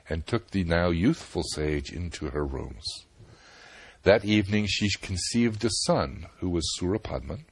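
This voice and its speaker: Deep, husky-voiced male storyteller. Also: no echo. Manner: calm, measured storytelling with voiced dialogue. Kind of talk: scripted narration of a myth.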